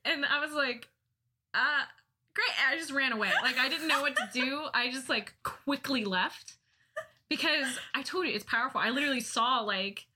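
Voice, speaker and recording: A young woman casually telling a funny personal story, often laughing at herself in a self-mocking, animated way. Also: high-pitched, moderate pace, breathy edge.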